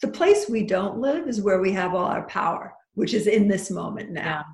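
A woman's voice: medium pitch, expressive, moderate pace, a little mellow, reverberant. A woman talking as a podcast guest who teaches psychic workshops, chatty and full of restarts and advice. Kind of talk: casual podcast chat.

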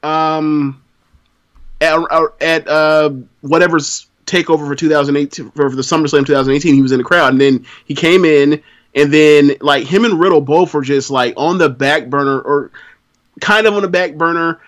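A man co-hosting a casual wrestling chat, thinking aloud in halting, stop-start phrases. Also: a little high, steady tone, a bit bright. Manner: halting, many fillers and restarts. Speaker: podcast co-host.

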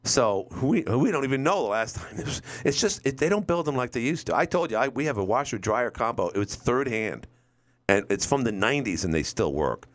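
A man's voice: medium pitch, sing-song, a little fast. A middle-aged man hosting a call-in radio talk show, rambling through stories and acting out quotes. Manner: rambling storyteller, acts out quotes.

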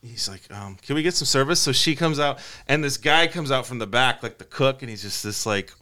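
A man hosting a casual podcast, telling a story in an animated way, laughing and acting out quotes. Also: medium pitch, normal speed. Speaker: podcast host.

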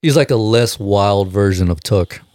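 A young man hosting a podcast, telling crude stories in a loose, animated way and shouting out his quotes. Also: lowish voice, measured pace, dry recording, clean studio sound. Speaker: podcast host. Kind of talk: casual podcast chat.

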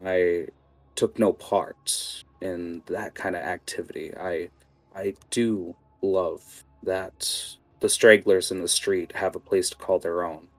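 A man playing a soft-spoken, scarred male cultist in a tabletop game, calm and smooth. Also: deep voice, slow pace, no room sound, faint music behind.

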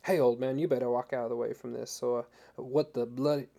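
An angry young street ruffian curses and warns an old man off, voiced by a male narrator. Loud and jabbing, with a mellow underlying tone. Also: medium pitch, steady tone, fairly quick, creaky. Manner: angry, cursing.

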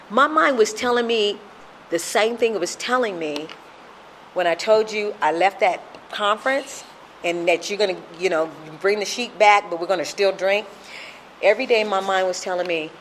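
A woman's voice: medium pitch, fairly bright tone, a little hiss or hum. A middle-aged woman telling her recovery story at a meeting, emotional and repetitive in her storytelling.

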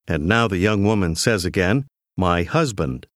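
A man narrating a language course in a clear, measured scripted style, giving prompts to the learner. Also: low voice, animated, fairly bright tone, no room sound, clean studio sound.

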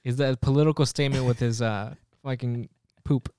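A man's voice: mid-range voice, fairly even intonation, normal speed, dark tone, smooth, no room sound, studio quality. A man co-hosting a podcast, chatting casually in a loose, rambling way and swearing now and then. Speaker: podcast co-host. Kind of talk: casual chat.

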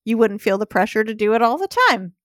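A woman co-hosting a podcast recap, chatting casually, laughing a lot and tossing in quick agreeing asides. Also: mid-range voice, fairly even intonation, no room sound, clean studio sound. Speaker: podcast co-host.

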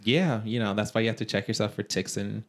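A man's voice: fairly low pitch, fast talker. A man co-hosting a podcast in casual chat, making dry, wisecracking jokes. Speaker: podcast co-host.

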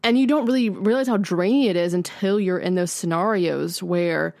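Chatty young woman, lowish voice. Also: normal speed, gravelly, darkish tone, dry recording, clean studio sound. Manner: chatty, fills speech with "like", rises sharply when retelling. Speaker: podcast co-host. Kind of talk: casual chat.

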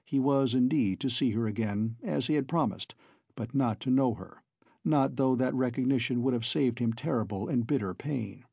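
A man narrating an audiobook in a steady, even storytelling voice. His tone is dark and mellow with a husky edge. It is recorded close and completely dry. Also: mid-range voice, moderate pace, dry recording. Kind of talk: scripted narration.

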